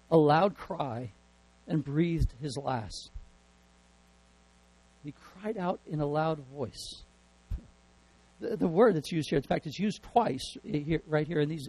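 A man's voice: on the high side, darkish tone, dry recording, low-quality recording. A man preaching a sermon earnestly, often repeating words as he builds emphasis. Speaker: pastor.

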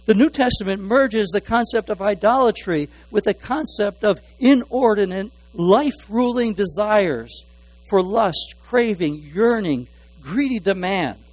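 A pastor's animated, high and light voice carries a halting sermon in which he repeats small words as he feels for a phrase, hitting some words hard before falling back to a hush. There is no room sound, and the recording is rough.

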